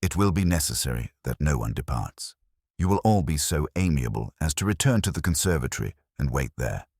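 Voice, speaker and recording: A precise, fastidious foreign detective, played by a deep-voiced male narrator, speaking in courteous, measured, slightly formal phrases. The voice is very low and husky, with an expressive melody. It is recorded close and dry. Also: dry recording, heavily acted.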